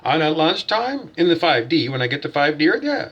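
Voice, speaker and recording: A man's voice: on the high side, big pitch swings, brisk, husky, highs cut off. A man delivering a blunt, profane, preachy vlog rant as a self-styled spiritual teacher, asking himself questions and answering them. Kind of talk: ranting vlog monologue.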